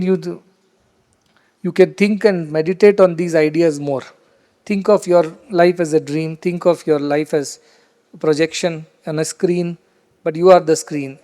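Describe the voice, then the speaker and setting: A man giving a spiritual discourse, animated and rhetorical, acting out quoted voices as he teaches. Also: high-pitched.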